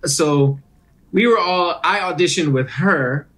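Man, middle-aged, lively storyteller, fairly high voice. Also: slow pace. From Detroit, USA. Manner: animated storyteller who acts out other people's voices. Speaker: guest, comedian and actor. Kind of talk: casual interview storytelling.

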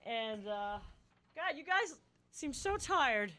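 Woman, radio host, high-pitched, giggly, halting, lots of fillers, casual chat. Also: sing-song, pushed and bright. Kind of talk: casual on-air chat with a band.

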